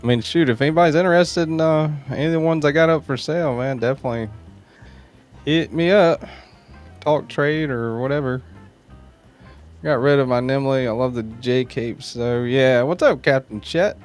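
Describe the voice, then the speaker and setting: A man with a mid-range voice hosts a knife channel livestream at a moderate pace, with soft music in the background. He rambles in a laid-back way, reading viewer comments and greeting people by name in casual chat.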